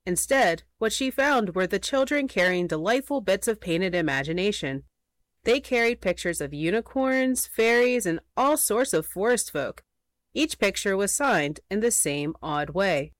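Woman, storybook narrator, very lively pitch, dry close sound. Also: measured pace, no room sound. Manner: expressive, playful. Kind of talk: storybook read-aloud narration.

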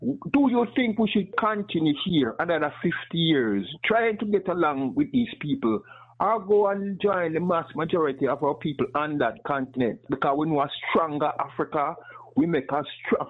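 A man's voice: on the high side, lively intonation, normal speed, slightly rough. Fervent male caller on a tinny phone line. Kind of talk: impassioned call-in commentary.

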